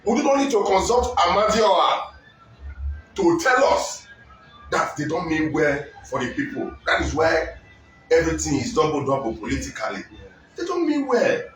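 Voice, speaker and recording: A man from Nigeria on a political panel, talking in an animated way with many hesitations and asides. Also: on the high side, moderate pace. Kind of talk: political discussion. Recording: echoey room, voice from far off, faint music.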